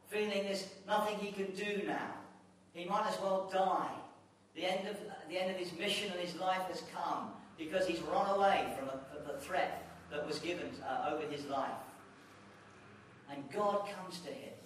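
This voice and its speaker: A man's voice: sits high, slight background noise. A man preaching as a visiting speaker, in an impassioned, repetitive sermon style with restarts. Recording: echoey hall, distant mic.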